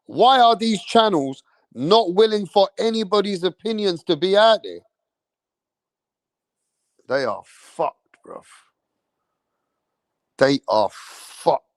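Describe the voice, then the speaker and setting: This English boxing channel host has a high, sing-song voice and talks slowly with frequent pauses. He is ranting angrily on a livestream, swearing constantly and repeating himself, recorded in studio quality with no room sound.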